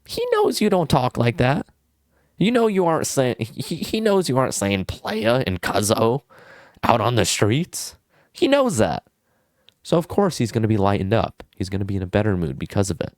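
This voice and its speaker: A man's voice: mid-range voice, very animated, normal speed, darkish tone, no room sound, clean studio sound. A young man vlogging casual social advice, goofy and full of swearing and fillers. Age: young adult.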